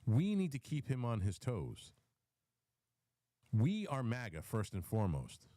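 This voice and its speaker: A man's voice: mid-range voice, wildly swooping pitch, unhurried, dark tone, dry recording. A man hosting a live audio space, giving a rambling political commentary rant full of ums, repeated words and restarts, and fighting the hiccups. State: has the hiccups.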